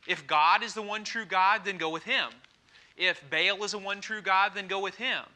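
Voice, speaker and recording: Male pastor, bright and forceful, mid-sermon, lively storyteller who checks in with the room. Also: high-pitched, moderate pace. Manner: lively storytelling with frequent "okay?" asides.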